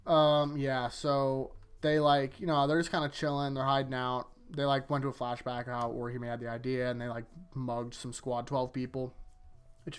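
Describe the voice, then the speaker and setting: A young man casually recapping anime episodes as a show host, rambling and joking, quickly acting out quoted lines. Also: fairly high pitch. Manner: loose, jokey, acts out quoted lines in quick voices.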